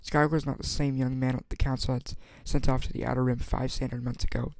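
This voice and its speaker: A man's voice: medium pitch, level tone, vocal fry, dry recording. A man reading a novel aloud as an amateur, stumbling and restarting words often. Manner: halting, frequent stumbles and restarts. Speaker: audiobook reader.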